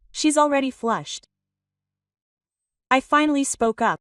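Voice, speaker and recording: A woman narrating a story in a plain, even reading voice. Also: a little high, fairly quick, no echo. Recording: distant voice over soft background music.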